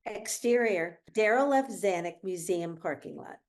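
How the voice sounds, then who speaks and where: A woman reads a screenplay's stage directions at a virtual table read. She sounds measured and descriptive, with a mid-range voice over a video call. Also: mid-range voice, animated, darkish tone. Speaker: narrator reading stage directions.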